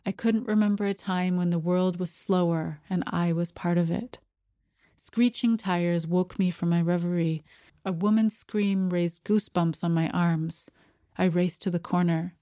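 A woman narrating a first-person story in a measured, even storytelling manner. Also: lowish voice, dry recording, clean studio sound. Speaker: audiobook narrator.

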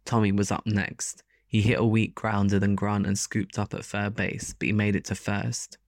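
A man narrating a first-person story as an audiobook in a steady, even delivery. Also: on the low side, normal speed, vocal fry, dry recording, studio quality.

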